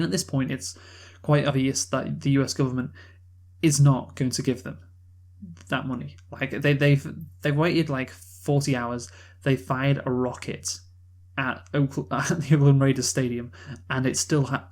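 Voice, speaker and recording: A man's voice: mid-range voice, level tone, normal speed, a little mellow. A man co-hosting a film review podcast, talking in a rambling, casual way with many fillers and restarts, swearing now and then. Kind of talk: casual chat.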